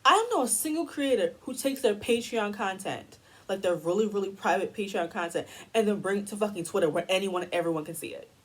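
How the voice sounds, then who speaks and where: A woman's voice: medium pitch, slightly rough, poor audio. A young woman ranting heatedly in a commentary video, profane and exasperated. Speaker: commentary YouTuber.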